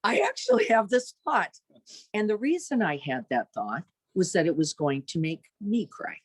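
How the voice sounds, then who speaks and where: A woman meditation teacher giving a dharma talk, lively and searching, tossing rhetorical questions to her listeners and acting out inner voices. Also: on the low side, moderate pace, husky, no room sound.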